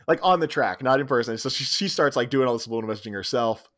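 A man's voice: medium pitch, very fast, hardly any pauses, fairly bright tone. A man co-hosting a podcast, casually retelling a comedy film's plot and acting out characters' lines. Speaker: podcast co-host. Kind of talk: casual comedic movie recap.

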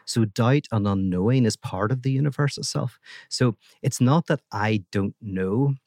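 A man talking as a guest philosopher in a casual podcast conversation, animated and full of restarts. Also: mid-range voice, normal speed, no echo, clean studio sound. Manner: animated storytelling, many restarts.

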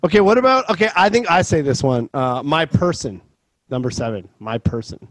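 A man's voice: fairly high pitch, animated, brisk, dry recording. Profane rambling forty-something man. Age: 40s. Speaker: podcast host. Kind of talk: casual comedic chat.

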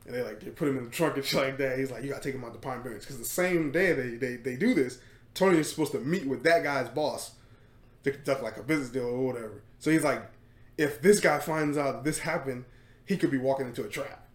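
A man hosting a podcast, retelling a story in casual chat, animated and laughing, with lots of fillers and swearing. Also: mid-range voice, fast, reverberant. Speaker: podcast host.

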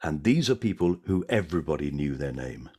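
An older man, an actor, telling anecdotes as a podcast guest in an animated way. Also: a bass voice, a little fast, husky. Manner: animated raconteur. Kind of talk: anecdotal storytelling.

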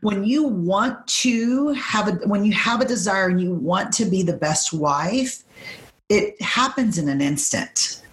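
A woman's voice: medium pitch, expressive, unhurried. A woman in her forties, a podcast guest, speaking in emphatic preacherly declarations and repeating phrases for emphasis. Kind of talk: faith-based podcast conversation.

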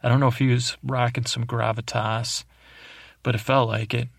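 A man's voice: medium pitch, level tone, moderate pace, vocal fry, dry recording, clean studio sound. A man hosting a sleep podcast, rambling and meandering through an episode recap with drowsy, self-deprecating asides. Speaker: podcast host.

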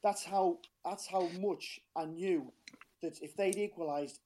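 A man's voice: sits high, a little slow, mellow, slight background noise. A man calling in as a football fan, talking in a passionate, frustrated, rambling way with a strained voice. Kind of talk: casual phone-in chat.

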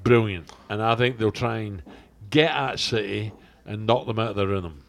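A man's voice: on the low side, normal speed, creaky. An older man, co-hosting a podcast in casual chat, rambling through jokey anecdotes with plenty of fillers. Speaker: podcast co-host.

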